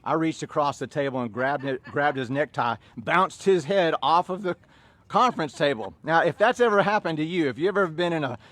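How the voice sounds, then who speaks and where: A man's voice: fairly high pitch, fairly quick, no echo. Chuckling middle-aged Southern man. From Southern United States. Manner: animated, chuckling, restarts often. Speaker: fitness coach and storyteller. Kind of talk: casual storytelling.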